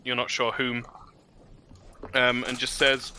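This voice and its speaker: A man narrating and running a tabletop role-playing game in a relaxed, chatty way. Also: mid-range voice, takes it slowly, pauses often, slight background noise. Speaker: game master.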